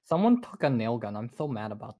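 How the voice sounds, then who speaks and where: A game master playing a sly, cheeky teenage boy who steals, speaking deadpan in a tabletop role-play. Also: mid-range voice, a little fast. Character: sly thieving teen boy.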